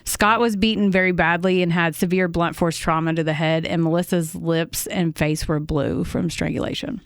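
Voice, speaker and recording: Low-voiced woman telling a true crime story. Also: fairly even intonation, moderate pace, clean tone, no room sound, studio quality. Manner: conversational, swears freely, indignant asides.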